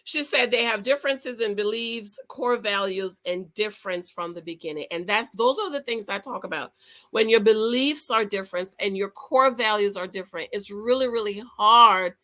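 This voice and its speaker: Sassy, bright-voiced woman vlogger. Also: medium pitch, normal speed. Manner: sassy, animated, talks straight to viewers. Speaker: reality TV recap vlogger. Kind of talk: casual recap commentary.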